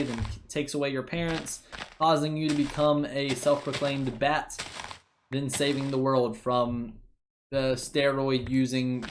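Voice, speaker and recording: A man's voice: mid-range voice, background noise. A young man hosting a casual game playthrough, talking in a jokey, rambling way and correcting his own slips. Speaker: gaming channel host. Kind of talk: casual let's-play commentary. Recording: music playing behind the voice.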